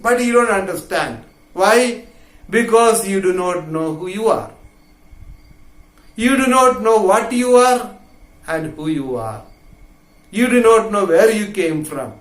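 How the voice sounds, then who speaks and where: Man, literature teacher, high voice, repeats and paraphrases, echoey room. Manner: repeats and paraphrases each point patiently. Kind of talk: explaining a play line by line. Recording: roomy echo.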